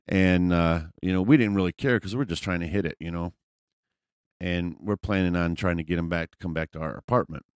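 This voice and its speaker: A man's voice: low voice, fairly quick, clear, resonant tone, dry recording, studio quality. A man vlogger telling a personal story in a casual, rambling way, full of fillers and profanity.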